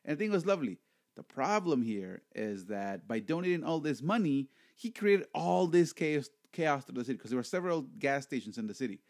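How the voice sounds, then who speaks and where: A man hosts a loose, jokey podcast chat, and his pitch swings widely from one moment to the next. He often repeats himself as he talks. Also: brisk. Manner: animated, repeats words, jokey. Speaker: podcast host.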